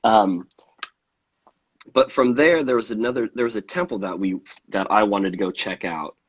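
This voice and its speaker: Low husky guy rambling, lots of restarts, bit self-deprecating. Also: moderate pace, dull audio. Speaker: podcast host. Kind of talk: casual chat.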